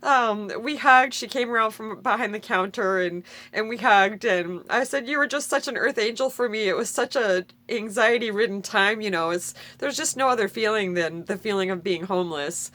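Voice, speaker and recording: A woman's voice: medium pitch, moderate pace, few pauses, pushed and bright. A middle-aged woman telling a heartfelt personal story in an earnest, rambling way, often correcting herself mid-sentence. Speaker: vlogger sharing a personal story.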